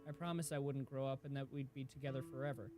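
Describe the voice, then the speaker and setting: A man reading aloud as a dying old man, speaking quietly and tenderly, full of regret. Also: medium pitch, fairly even intonation, fast, music in the background, pitched below the performer's own voice, natural voice.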